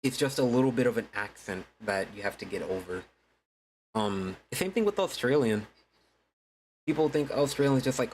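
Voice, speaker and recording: A man's voice: mid-range voice, lively intonation, normal speed, darkish tone, a little hiss or hum, poor audio. A man chatting casually to his viewers during a game stream, laid-back and swearing freely. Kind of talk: casual gaming stream chat.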